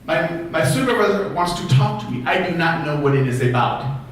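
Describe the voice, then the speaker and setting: A man giving a motivational talk as a therapist, animated, firing rhetorical questions at the audience. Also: on the high side, brisk, a little hiss or hum. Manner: animated, acts out quoted voices, fires rhetorical questions. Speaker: therapist and public speaker. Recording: echoey hall, voice from far off.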